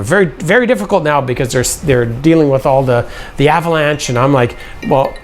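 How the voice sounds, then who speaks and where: A man with a gravelly voice telling a personal story casually, acting out the dialogue as he goes. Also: mid-range voice, brisk, soft background music. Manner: animated, acts out quoted dialogue.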